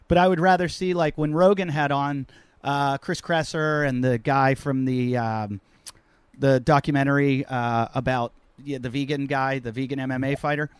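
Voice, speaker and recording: A man hosting a podcast over a remote call, talking in an animated, rambling, self-mocking way with lots of jokes. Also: medium pitch, smooth, dry recording. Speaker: podcast host. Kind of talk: casual joking chat.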